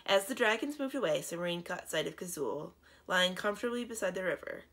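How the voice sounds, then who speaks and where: A woman librarian reads a children's book aloud with gentle, steady storytelling. Her voice sits low, with a gravelly, husky texture. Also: a little fast.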